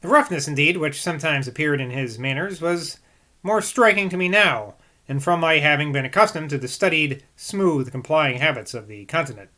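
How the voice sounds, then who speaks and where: A man's voice: on the high side, expressive, moderate pace, pushed and bright. A man reading aloud from a classic book and breaking off to muse and second-guess himself between passages. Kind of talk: reading aloud with casual asides.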